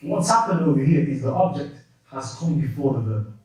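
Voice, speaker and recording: A man teaching a lesson in a mosque classroom, explaining terms in a quick, conversational way with many restarts. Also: mid-range voice, lively intonation, darkish tone, a little hiss or hum. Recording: echoey room from a distance.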